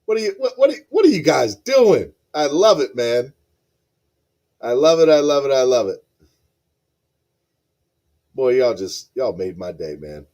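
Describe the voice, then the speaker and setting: A man hosting a live podcast stream, excitedly reading out chat messages and repeating himself. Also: a little high, unhurried, long pauses. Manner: excitable, repeats phrases, reads chat aloud. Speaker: podcast host.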